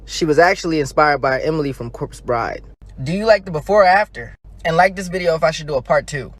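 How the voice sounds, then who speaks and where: A man narrates a short video in an offhand, chatty manner. His voice sits a little high. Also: animated, quick pace, no room sound.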